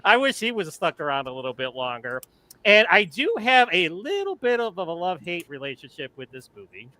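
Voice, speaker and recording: A man in his fifties co-hosting a live movie chat, telling stories in an animated, profane way and often repeating words. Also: sits high, a little fast, no room sound, rough recording. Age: 50s. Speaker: panel co-host of a live movie talk show. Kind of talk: casual chat, storytelling. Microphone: live online video call.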